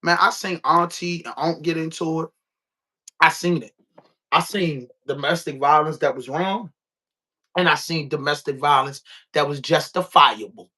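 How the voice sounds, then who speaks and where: A man's voice: on the high side, moderate pace, pushed and bright. A man from Baltimore with a Baltimore accent, hosting a podcast and ranting casually with heavy profanity and emphatic repetition. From Baltimore, USA. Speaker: podcast host. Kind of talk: casual rant.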